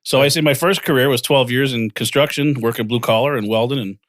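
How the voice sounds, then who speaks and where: A man's voice: medium pitch, fast talker, dry recording, clean studio sound. A man in his forties telling his career story in a casual interview, acting out the voices of the people in it. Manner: animated, acts out dialogue in quotes. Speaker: guest, financial firm co-founder.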